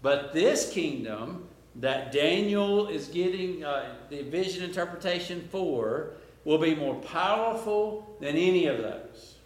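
A man's voice: on the high side, expressive, takes it slowly. A man delivers a teaching sermon in a slightly raised voice, taking his time over each point. He explains, asks his listeners questions and leans into the important words. The sound carries the roomy echo of a church hall. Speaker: preacher.

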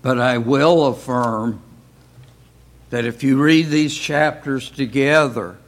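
Slow-spoken man leading a Bible study. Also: medium pitch. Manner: slow, folksy, asks rhetorical questions. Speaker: Bible class teacher. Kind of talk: informal Bible study talk.

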